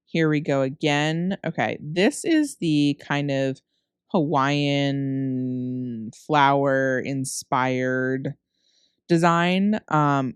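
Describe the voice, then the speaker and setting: She has an extremely low, smooth voice, captured on a close microphone with no echo and studio-grade quality. Tired from recording late, she rambles chattily through a cookie decorating tutorial, fixing her own wording and chuckling whenever she slips up.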